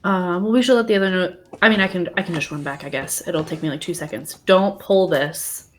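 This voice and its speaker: A woman's voice: lowish voice, fairly quick, a little hiss or hum. A woman playing a tabletop game, chatty and a little hesitant, joking with the group. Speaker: player.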